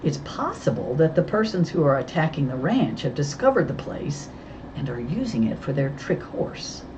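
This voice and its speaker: Woman reading a calm young detective. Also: sits low, normal speed, highs cut off, noisy background.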